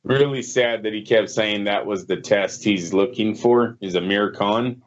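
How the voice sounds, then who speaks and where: A man's voice: on the low side, unhurried. A man co-hosting a casual boxing podcast, giving blunt, profane opinions. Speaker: podcast co-host. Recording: lo-fi podcast audio.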